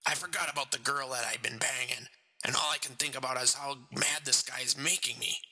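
A big, hoarse man recounts his crime in a calm, level, unwavering voice, as the narrator puts him on. The low voice has a gravelly rasp and a sharp, bright edge, and it sits in a long, echoing reverb. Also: fairly quick, full character voice. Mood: menacing.

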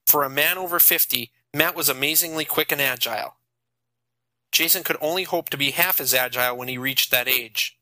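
A man narrating a horror audiobook in steady, dramatic storytelling. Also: mid-range voice, dry recording, poor audio. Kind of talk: scripted narration.

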